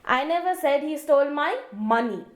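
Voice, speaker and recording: A woman's voice: high-pitched, lively intonation, moderate pace. A woman reading one sentence aloud over and over, stressing a different word each time. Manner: reads aloud, shifting the stress. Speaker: demonstration helper. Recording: echoey room.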